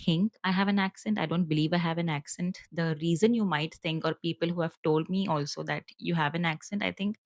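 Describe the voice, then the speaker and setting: A woman with an Indian accent, hosting her podcast solo and talking fast and earnestly to her viewers, with frequent fillers. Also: lowish voice, no room sound. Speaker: podcast host.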